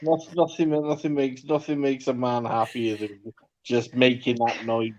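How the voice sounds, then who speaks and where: A man's voice: mid-range voice, little pitch movement, normal speed, a little mellow, highs cut off, slight background noise. A man from the UK, a guest on a podcast, joking around and repeating himself as he talks. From United Kingdom. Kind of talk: casual chat.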